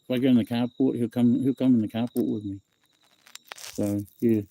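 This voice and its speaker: A man's voice: mid-range voice, steady tone, normal speed, warm tone, slight background noise. A middle-aged man with a New Zealand accent chatting loosely on a phone livestream, reading viewers' comments aloud and repeating himself as he talks. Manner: rambling, repeats himself, reads chat aloud, says bro and eh. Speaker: livestream host. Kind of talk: casual livestream chat with viewers.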